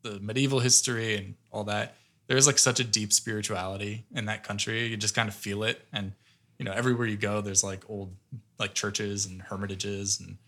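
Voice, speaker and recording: A man's voice: fairly low pitch, little pitch movement, fairly quick, fairly bright tone. A man co-hosting a casual podcast, enthusiastic and rambling with lots of filler words. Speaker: podcast co-host.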